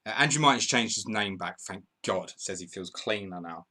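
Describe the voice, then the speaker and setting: As match updates roll in, a male podcast host on a live football stream banters with viewers and reads their comments. His voice sits a little low yet carries brightness and force, and he delivers it all in an animated way at a moderate pace. He laughs often and stays loose and conversational.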